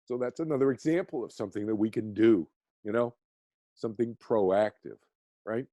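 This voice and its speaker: A man's voice: lowish voice, normal speed, dark tone, no room sound. A man talking as a guest, explaining earnestly with frequent restarts and checking in with "okay?". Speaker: guest, meditation teacher.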